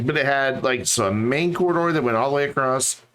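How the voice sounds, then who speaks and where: A man's voice: medium pitch, a little fast, fairly bright tone. A man streaming a game, chatting casually and rambling to his viewers. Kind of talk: casual live-stream chat.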